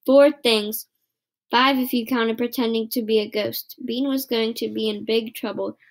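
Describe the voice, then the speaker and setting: Storybook reader, woman, high-pitched, steady read-aloud. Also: moderate pace. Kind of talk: reading a children's book aloud.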